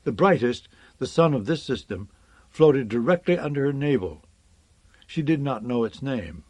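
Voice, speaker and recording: A man narrating a science fiction novel in a measured, expressive reading. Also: mid-range voice, no echo. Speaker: audiobook narrator.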